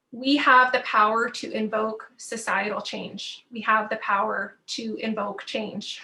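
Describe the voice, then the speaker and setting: Woman photographer giving a heartfelt talk, bright sharp voice, kinda teary, keeps repeating lines for emphasis. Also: a little high. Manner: earnest and emotional, repeats phrases for emphasis. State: close to tears. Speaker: photographer speaking at a live broadcast.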